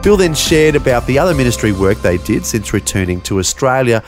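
A man hosting, reading a scripted narration in a measured way. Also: medium pitch, very animated. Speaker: host. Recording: dry studio with faint music.

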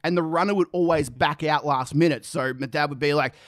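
A man's voice: on the high side, fairly quick, dry recording, clean studio sound. An Australian man in his twenties co-hosting a podcast in casual chat. He laughs often, swears and acts out what others said. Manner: laughing, swearing, acting out quotes. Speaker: podcast co-host.

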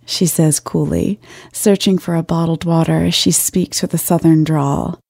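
A woman's voice: fairly low pitch, steady tone, moderate pace, creaky, mellow, breathy edge, no echo, clean studio sound. A woman narrating a first-person story in a wry, lightly amused way.

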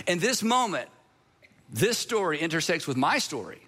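A middle-aged male pastor preaching a sermon, emphatic, repeating phrases and dropping to a hush for emphasis. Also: fairly high pitch, sing-song, moderate pace.

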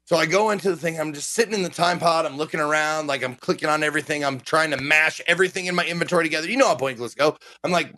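A man's voice: fairly high pitch, quick pace, dry recording. A man who streams games, ranting in a casual podcast chat and swearing often. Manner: animated ranting, frequent swearing. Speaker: game streamer.

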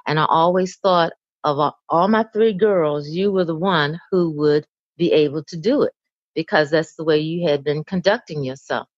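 Woman, lower voice, calm and reassuring, measured pace, slightly dull lo-fi audio. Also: no room sound. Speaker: guest, mother of the host. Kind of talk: reflective conversation.

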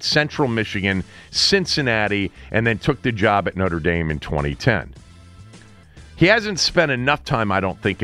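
A man's voice: fairly low pitch, pushed and bright. A man hosting a sports talk show, chatting casually in a wry, joking way.

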